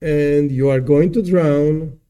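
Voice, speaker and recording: A male teacher with a very mellow, dark tone and a slightly raised pitch. He talks slowly, working through a song one phrase at a time and restarting now and then as he searches for words. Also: fairly even intonation, clear, resonant tone. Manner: slow, translates phrase by phrase with small restarts. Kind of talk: explaining a song line by line.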